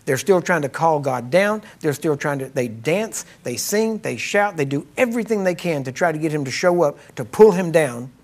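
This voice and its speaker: A man's voice: on the high side, expressive, moderate pace, hardly any pauses. A man preaching a sermon, retelling a Bible story in plain talk and acting out the quotes with a mocking edge. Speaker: preacher and ministry teacher.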